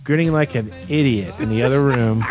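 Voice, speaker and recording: A man hosting a casual podcast about music, explaining facts about a band in a relaxed, informative way. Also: mid-range voice, brisk. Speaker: host. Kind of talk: casual radio podcast chat.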